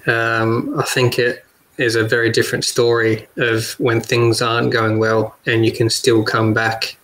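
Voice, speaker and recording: A man's voice: mid-range voice, measured pace, poor audio. Laid-back Australian man chatting. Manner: relaxed, laughs often, repeats words. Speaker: guest kart driver. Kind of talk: casual podcast chat.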